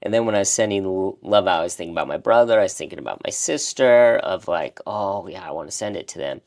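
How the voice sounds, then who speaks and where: A man's voice: sits low, quick pace, darkish tone. A man co-hosting a casual talk, earnestly telling a personal story and acting out remembered conversations. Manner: earnest, reflective, acts out remembered dialogue. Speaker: life coach and podcast co-host.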